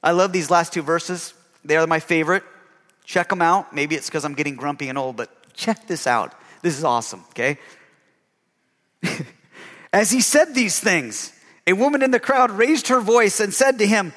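A man's voice: sits high, animated, moderate pace, fairly bright tone, big-room sound. A male pastor preaching a sermon with emphasis, often calling out for an amen.

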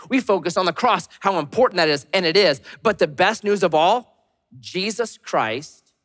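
Animated preacher in a big hall. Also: male voice, high voice. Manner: animated, swings between loud punchy lines and hushed slow emphasis. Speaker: pastor. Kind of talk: sermon. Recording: long reverb of a large hall.

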